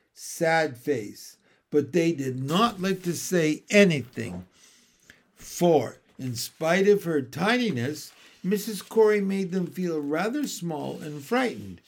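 Slow, expressive male storyteller. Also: on the high side. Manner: expressive, unhurried reading. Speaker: audiobook narrator. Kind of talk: storybook reading.

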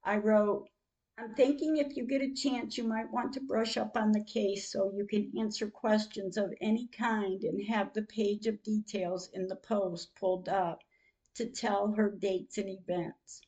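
A woman's voice: medium pitch, fairly even intonation, unhurried, a little mellow, low-quality recording. An older woman narrating her own day as a diary, reading out times and messages, emotional at times. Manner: reads out dated entries and messages, emotional. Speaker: podcast host. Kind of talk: diary-style personal narration.

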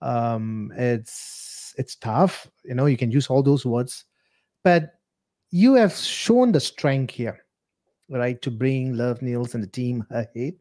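A man's voice: mid-range voice, animated, slow pace, warm tone. A man hosting an interview, asking long questions hesitantly with many ums. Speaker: podcast host.

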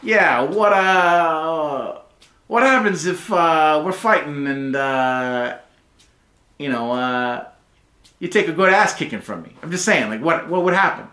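A man voicing a brash, pushy young female student who fires off loud, quick, insistent questions. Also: very high voice, wildly swooping pitch, vocal fry, voice pushed up, heavily acted. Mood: cheeky, pushy. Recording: roomy echo.

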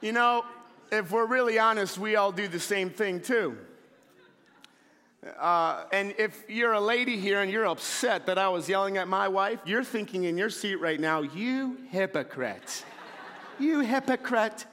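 Man, thirties, pastor, bright high voice, lively sermon storytelling, long church reverb. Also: moderate pace, smooth. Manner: animated storyteller, acts out shouting scenes. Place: church sanctuary.

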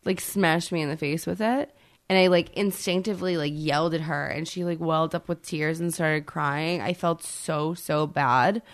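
A woman in her thirties co-hosting a podcast, chatting casually and bluntly with plenty of swearing, loud and emphatic when ranting. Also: low voice, steady tone, normal speed. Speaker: podcast co-host. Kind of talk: casual chat.

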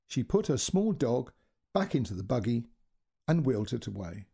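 A man narrating a short story as storyteller, in an expressive, dramatic reading that moves between hushed and raised passages. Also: mid-range voice, creaky, slightly rough.

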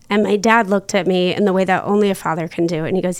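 A woman's voice: fairly low pitch, fairly even intonation, fast talker, few pauses, no echo. Chatty woman guest, dry sound. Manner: chatty, laughs often, many fillers. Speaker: podcast guest. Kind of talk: casual interview storytelling.

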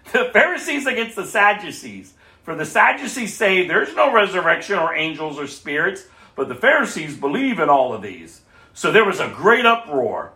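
A man preaching a sermon and reading scripture aloud, swinging between loud bursts and soft asides. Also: high voice, roomy sound.

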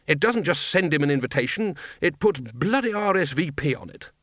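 A man's voice: fairly high pitch, expressive, normal speed, a bit bright, dry recording, clean studio sound, pitched above the performer's own voice. Guy doing a bossy old wizard boss, short-tempered, stammers when rattled. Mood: brusque. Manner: brusque, stammers when unsettled. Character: blustering head wizard, gruff and impatient.

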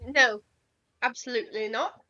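A woman's voice: a little high, moderate pace, sharp tone, dull audio. A woman voicing a tiny male fey knight in a tabletop game, prideful and easily flustered. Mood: proud.

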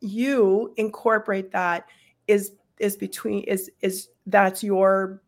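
Mid-pitched woman, calm and earnest healer talking through ideas. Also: slow pace. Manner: calm, earnest, explains at length. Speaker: energy healer and spiritual coach. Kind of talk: casual spiritual chat.

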